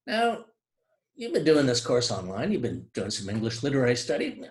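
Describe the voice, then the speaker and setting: Male poetry lecturer, very expressive pitch, explanatory, hesitant restarts, slows on key words. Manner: slows down to stress key terms. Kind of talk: online literature lecture.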